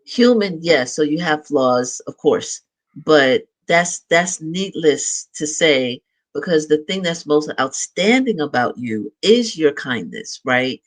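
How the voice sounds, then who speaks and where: A man's voice: a little high, expressive, slow. A man hosting an interview, speaking in an earnest, affirming way to his guest. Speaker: host. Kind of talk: interview chat.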